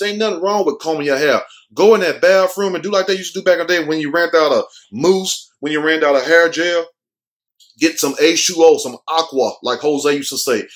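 A man hosting his own commentary show, talking straight to his viewers in loose, joking street slang. His voice sits a little high for a man. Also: a bit bright. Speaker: show host. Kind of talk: casual commentary on a viral video.

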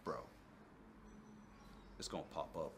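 A man's voice: slow pace, noisy background. A man hosting a video, reacting to scary clips with jokey, exaggerated commentary.

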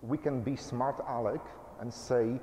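A male pastor giving a sermon in a measured way, in short phrases. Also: mid-range voice, fairly even intonation, mellow, echoey room, in a large hall.

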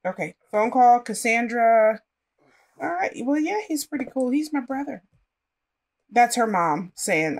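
Woman, casual gameplay commentary, talks to her characters, slightly high voice. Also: animated, a little slow, gravelly. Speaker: gaming channel host.

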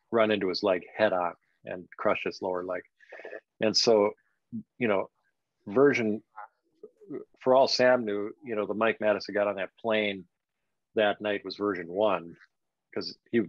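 An older man, a guest on a podcast, telling a personal story in a reflective, halting way with many "you know"s. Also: on the low side, fairly even intonation, no echo. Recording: dull, dry lo-fi sound.

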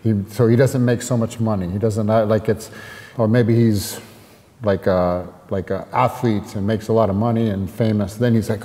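A man's voice: on the low side, mellow, long reverb tail. An American man talking earnestly as an interview guest, often restarting his sentences. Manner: earnest, halting, with many restarts. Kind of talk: casual interview talk.

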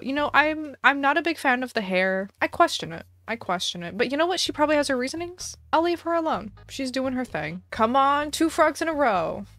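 A young woman chatting casually through a gaming session, expressive, laughing often and squealing at good luck. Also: sits high, no room sound. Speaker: gaming video creator. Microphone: headset or desk mic.

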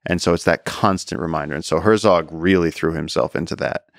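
A man with a low, deep voice talks as a podcast guest and explorer, telling stories in an animated way. He trips over and repeats his words while he talks. The sound is dry and close. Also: fairly quick, gravelly, no echo. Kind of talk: casual storytelling conversation.

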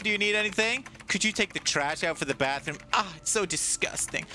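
Male streamer, high lively voice, bright and joking, for casual gameplay commentary over faint game music. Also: fairly quick, few pauses, a little hiss or hum. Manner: excitable, joking, sudden swoops into goofy low voices.

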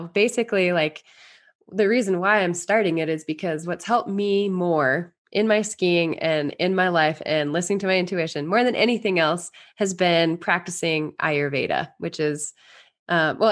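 A woman with a slightly low voice, speaking as a podcast guest. She talks earnestly and at length, rambling a little, her thoughts tumbling out in loose, casual phrases. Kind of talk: casual interview chat.

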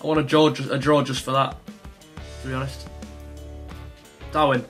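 A young man commentating his own football video game, ranting with frustration and yelling when chances come. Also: medium pitch, a little fast, long pauses. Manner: excitable, swings between frustrated rants and yelling at shots. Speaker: gaming YouTuber. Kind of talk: live gameplay commentary. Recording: faint music behind.

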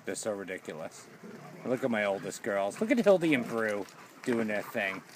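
A man filming his dogs for a casual video, switching between loud scolding and doting baby talk, with some casual swearing. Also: on the low side, lively intonation, normal speed, a little hiss or hum. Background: dogs in the background.

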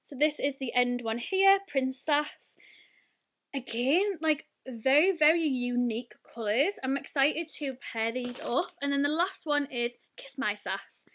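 British woman, twenties, high-pitched, excitable and chatty; casual beauty-vlogger delivery. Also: a little slow. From United Kingdom. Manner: gushing, chatty, lots of "like" and "oh my god". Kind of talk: excited unboxing and swatching.

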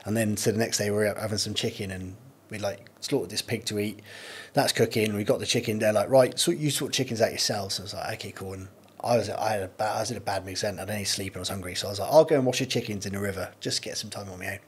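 A man talks through his stories in a husky, slightly low voice. He is candid and loose, restarting his sentences as he goes. He is a guest in a casual podcast chat. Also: fast talker. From United Kingdom. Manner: candid, storytelling with lots of restarts.

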